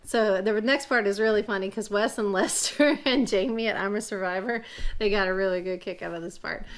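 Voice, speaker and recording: A woman from Louisiana, a family vlog host, chatting casually with lots of fillers and halting restarts before telling a story. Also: mid-range voice. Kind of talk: casual chat, then storytelling.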